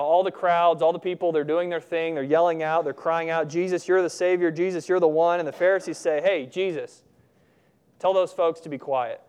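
A young man preaching a sermon in a relaxed, conversational way, with humorous asides. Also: a little high, clean tone. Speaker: pastor.

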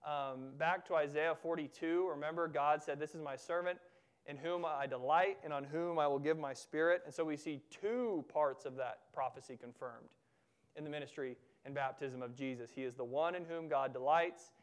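A man preaching a sermon from the pulpit in a church, emphatic, repeating phrases and slowing down on key words. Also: fairly high pitch, smooth. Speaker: pastor.

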